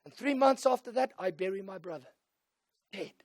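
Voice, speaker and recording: A middle-aged man with a South African accent preaching a sermon, moving between quiet storytelling and loud call-and-response shouts. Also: sits high, lively intonation, moderate pace, dry recording, clean studio sound. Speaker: pastor.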